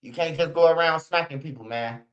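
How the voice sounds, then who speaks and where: A man with a Chicago accent giving casual, slang-heavy commentary as a channel host, often ending lines with a low "bro" or "man". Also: brisk, dull audio. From Chicago area. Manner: slangy, repetitive, drawls "bro" and "man" low at line ends.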